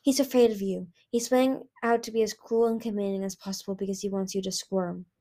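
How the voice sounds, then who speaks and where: A woman voicing a shy, gentle young female dragon who speaks softly and earnestly. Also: medium pitch, level tone, fairly quick, lightly acted. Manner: soft, earnest.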